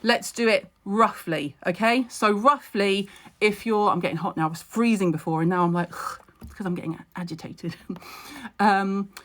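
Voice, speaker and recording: A middle-aged woman chats to her viewers from home in a live stream, with a voice of ordinary pitch for a woman. She is blunt and wry, drifting into asides and dry jokes as she gives skincare advice. It sounds close and informal, like a phone or camera at arm's length. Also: moderate pace. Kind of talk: casual live-stream chat.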